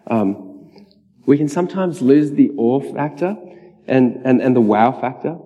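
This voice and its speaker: A preacher with a medium-pitched voice speaks at normal speed through a casual, chatty personal testimony sermon with plenty of laughs. The recording has the dull, reverberant sound of a hall.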